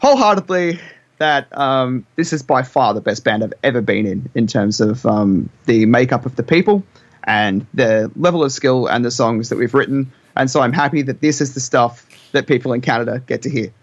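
An Australian man talks about his band in a loose, rambling way, full of ums and restarts. His voice sits at an ordinary middle pitch, and the call audio is somewhat muffled and dry. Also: normal speed, dry recording. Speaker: band vocalist and lyricist. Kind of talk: casual interview chat.

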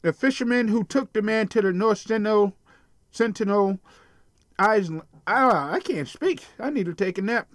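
A man's voice: sits high, moderate pace, no room sound. A man hosting a podcast, ranting casually about a news story, swearing bluntly and stumbling over names as he reads. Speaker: podcast host. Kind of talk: casual profane rant reading a news story.

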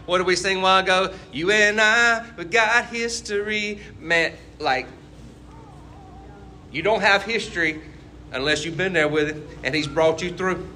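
A man's voice: high-pitched, moderate pace, pushed and bright, slight background noise. A man preaching a casual, conversational sermon and asking his listeners questions as he goes. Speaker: pastor.

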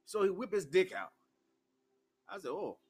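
A brash man with a fairly high voice hosts his own uncensored talk show. He swears freely, laughs often and tells his stories with loud, unfiltered bluntness. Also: very animated, moderate pace, breathy edge. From Memphis, US. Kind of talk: uncensored solo monologue.

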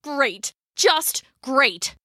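A woman's voice: sits high, lively intonation, very slow, bright, forceful tone, no room sound, clean studio sound, voice pushed up, full character voice. A woman voicing a brave, blunt young woman soldier who speaks curtly and gives orders. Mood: urgent.

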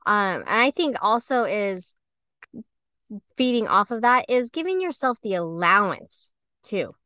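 A woman co-hosting a podcast, telling her story in a candid, animated way and acting out what people said. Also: mid-range voice, measured pace, clean tone, dry recording. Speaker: podcast co-host. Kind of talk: candid conversational podcast talk.

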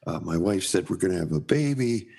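With a deep, gravelly, husky voice and a slightly fast pace, a middle-aged man from Minnesota who paints signs shares a casual story. He's animated, acting out the voices of the people in it.

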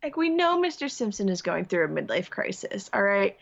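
A woman appearing as a podcast guest, calmly reasoning through points about a TV episode. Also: mid-range voice, fairly quick, gravelly. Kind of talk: casual chat recapping a TV episode. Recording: dull, muffled mic.

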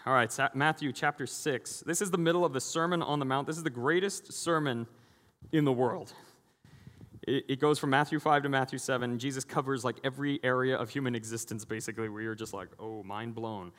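A man preaching in a big, reverberant hall. His sermon is animated and conversational, and he slips into other people's voices as he tells the story. His pitch sits in the middle range for a man. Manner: animated, acting out quoted voices. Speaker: pastor.

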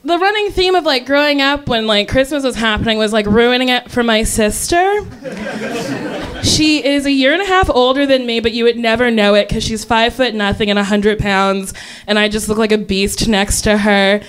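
A woman's voice: on the high side, moderate pace, clear, resonant tone. A young adult woman telling a funny story on a podcast, chatty and giggly, full of "like", acting out the people in it.

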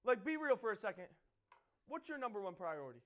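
A man preaching a sermon with passion, repeating phrases and building to loud emphatic peaks. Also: sits high, sing-song, fast talker.

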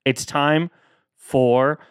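A man's voice: medium pitch, fairly even intonation, extremely slow, clear, resonant tone, no room sound, clean studio sound. A man hosting a casual solo podcast, chatting playfully and acting out both sides of imagined exchanges.

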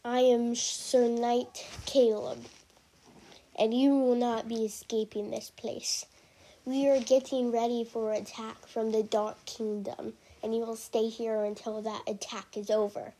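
Stern storybook knight, played by a woman: slow, formal, mellow tone. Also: on the high side, little pitch movement, slight background noise, poor audio. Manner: slow, deliberate, old-fashioned speech. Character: stern male knight guarding a castle.

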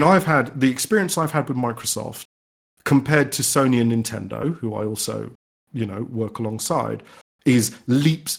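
With a medium-pitched voice carrying some vocal fry, this man, an independent game developer, is a guest on a podcast. He replies enthusiastically, wandering off track and frequently starting sentences over.

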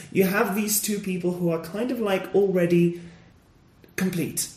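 A man's voice: measured pace, echoey room. A man co-hosting a podcast, chatting casually about films and acting out scenes with big jumps in his voice. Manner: animated, acts out movie scenes with big pitch jumps. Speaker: podcast co-host.

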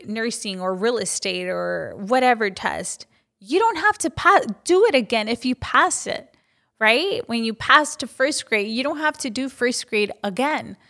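A woman's voice: fairly high pitch, animated, measured pace, fairly bright tone. A young woman giving an earnest, encouraging personal faith talk, with casual fillers. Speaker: Christian vlogger sharing a testimony.

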